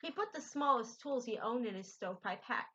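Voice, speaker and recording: Brief: woman storybook reader, gentle and casual, fairly high, bright, dull lo-fi audio. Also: expressive, brisk, slightly rough. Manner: gentle, unpolished, self-correcting. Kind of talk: reading a children's book aloud. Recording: dull lo-fi recording.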